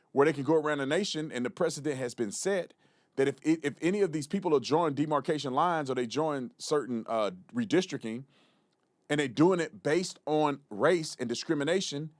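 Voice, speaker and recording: A man's voice: a little high, no room sound. A man hosting a live political commentary show, blunt and mocking in his remarks. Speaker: show host.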